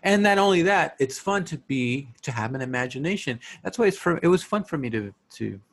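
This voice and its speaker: Gravelly, husky podcast co-host. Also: male voice, on the high side, lively intonation, brisk. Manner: emphatic, joking. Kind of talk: casual movie chat.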